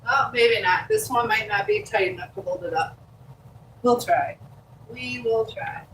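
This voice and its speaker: A woman hosting a casual livestream from her phone, talking in a loose, rambling way as she reads out viewer comments and answers them with lots of ums and likes. Her pitch sits in an ordinary middle range, and a faint hiss of background noise runs underneath the recording. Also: measured pace, fairly bright tone, rough recording. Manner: chatty and rambling, reading viewer comments aloud with many fillers. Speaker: livestream host. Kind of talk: casual live-stream chat. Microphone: handheld phone.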